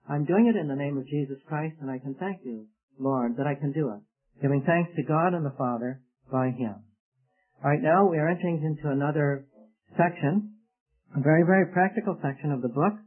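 Recorded on an old tape with narrow, tinny audio, a man with a fairly high voice preaches a sermon. He is earnest and explanatory, posing rhetorical questions.

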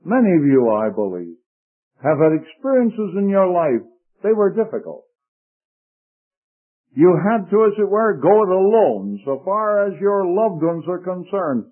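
An older man delivers a sermon at a very slow, measured pace, his voice sitting a little high. He sinks to a hushed, low tone whenever he speaks scripture. The sound is thin and tinny, like an old radio broadcast. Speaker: preacher.

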